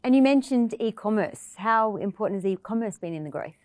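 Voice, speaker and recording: A woman's voice: medium pitch, animated, a little fast, a little mellow, dry recording. A woman hosting an investment interview series, reading a polished introduction and then putting questions to her guest. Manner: polished, read-from-script delivery. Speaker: interview host.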